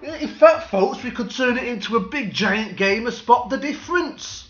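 A man rants through a satirical comedy monologue, sarcastic and full of swearing. His voice sits high and bright and swings widely in pitch. The recording sounds dull and lo-fi. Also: animated, normal speed, roomy sound.

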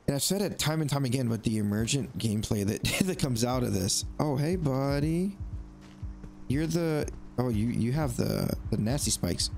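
A man giving excitable let's play commentary, talking to the creatures on screen as he plays. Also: medium pitch, normal speed, vocal fry, soft background music. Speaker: gaming YouTuber.

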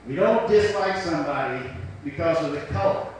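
A man's voice: a little high, expressive, normal speed, heavy reverb, distant mic, a little hiss or hum, poor audio. A man with a Southern US accent preaching a sermon as pastor, folksy, asking rhetorical questions.

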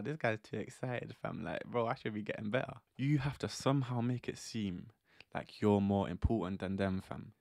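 Brief: young man, brash and animated slangy monologue, dry close sound. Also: on the low side, vocal fry, no echo. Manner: animated, brash, laughs often. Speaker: vlogger giving dating advice.

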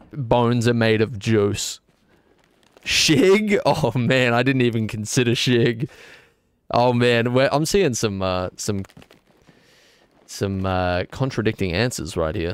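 A young gamer's mid-range voice comes through clear and resonant on a dry recording. He streams casually, rambling, making jokes, and responding to his chat.

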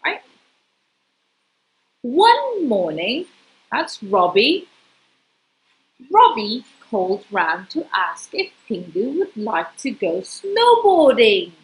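A woman's voice: on the high side, slow, pauses often, low-quality recording. A woman reading a picture book aloud to a young child, speaking to the child directly and asking them questions. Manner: lively, sing-song, talks directly to a young child. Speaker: storyteller.

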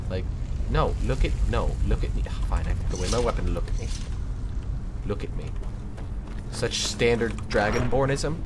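A man's voice: fairly low pitch, background noise. A young man giving goofy, rambling gameplay commentary, muttering to himself as he plays. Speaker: let's play host.

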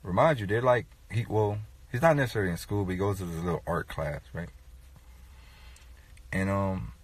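A man's voice: low-pitched, moderate pace, husky. A man talking to his viewers in a casual, profane, rambling way, telling a comic story with sudden raised outbursts.

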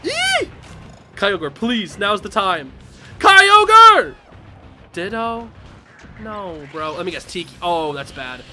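A young man live-streaming a game, commenting casually and yelling and laughing at the action. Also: high voice, expressive, unhurried, soft background music. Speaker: streamer playing online matches.

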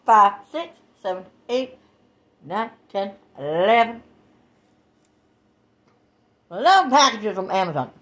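A woman vlogger talking to her viewers in a loose, chatty way. Her voice sits at a middling pitch. She stretches out phrases and calls everyone baby and y'all. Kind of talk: casual chat to viewers.

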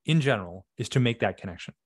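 A man co-hosting a webinar, explaining marketing in a measured, conversational way with frequent fillers. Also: mid-range voice, animated, dry recording, studio quality. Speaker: webinar co-host.

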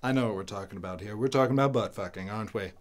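An actor playing a sly old-time male crooner who speaks with a transatlantic accent in a smooth drawl, full of innuendo. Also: mid-range voice, moderate pace, natural voice. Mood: smug. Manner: sly, innuendo-loving, feigning innocence. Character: smarmy male crooner, impression of a famous 1940s singer. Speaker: recording singer.

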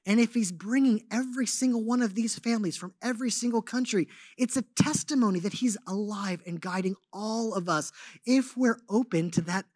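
A man giving a sermon as a guest speaker, telling stories in an animated, conversational way with lots of casual fillers. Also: high-pitched, no echo, clean studio sound. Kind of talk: storytelling sermon.

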